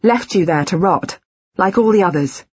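A woman's voice: fairly low pitch, animated, normal speed, a little mellow, slightly rough, no echo, dull audio. A woman reading the lines of a desperate middle-aged husband, pleading through tears in an audiobook. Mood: intense, insistent. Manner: pleading, emotional.

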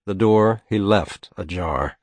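A man narrating a novel as an audiobook in a measured, even storytelling manner. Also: sits low, no echo.

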